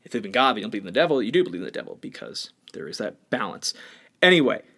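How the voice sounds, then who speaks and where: A man's voice: lowish voice, big pitch swings, rapid-fire, gravelly, bright, forceful tone. A man co-hosting a podcast, talking bluntly and with strong opinions in a casual discussion. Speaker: podcast co-host.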